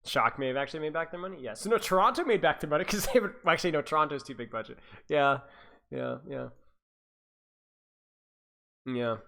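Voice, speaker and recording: This esports coach rambles casually on a livestream, repeating himself and laughing as he talks to his chat viewers. His fairly high voice is expressive, creaky and a bit bright, coming fairly quickly but with long pauses.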